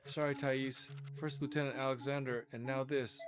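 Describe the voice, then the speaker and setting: A man voicing a worried, apologetic young woman held captive, speaking softly. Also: mid-range voice, flat delivery, moderate pace, voice pushed up, lightly acted. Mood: anxious.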